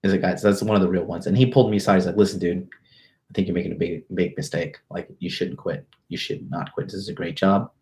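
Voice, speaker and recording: A man talks straight to his livestream viewers, telling a story with casual swagger. His voice sits on the low side, and his talk is loaded with profanity and brash slang. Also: fairly even intonation, quick pace, a little mellow. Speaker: dating coach hosting a livestream.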